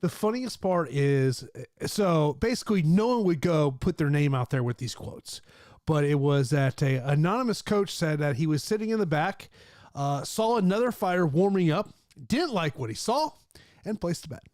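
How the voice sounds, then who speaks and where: A man's voice: on the high side, expressive, normal speed, a little mellow, dry recording, clean studio sound. A man hosting a casual fight betting talk show, speaking conversationally with many fillers. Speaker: host and MMA analyst. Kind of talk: casual sports betting chat.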